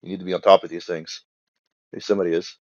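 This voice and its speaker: A young man giving rambling, casual commentary over a game, acting out the characters' lines in quick bursts. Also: low-pitched, flat delivery, highs cut off. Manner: rambling, filler-heavy, acts out characters' lines. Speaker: let's play commentator.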